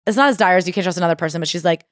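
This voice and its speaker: Casual fast-talking woman podcast host, acts out quotes, close dry mic. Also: on the low side, no echo. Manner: chatty, acts out quotes with swearing. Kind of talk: casual chat recapping a memoir.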